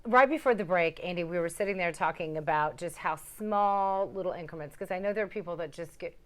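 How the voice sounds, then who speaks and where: Female co-host, lower pitch, chatty and steering. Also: a little fast, a bit bright. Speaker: talk show co-host. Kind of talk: casual talk show chat.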